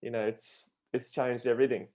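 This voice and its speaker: A man's voice: medium pitch, little pitch movement, brisk, dark tone. A man hosting a podcast, chatting casually and recalling his own memories. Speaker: podcast host. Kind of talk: casual chat.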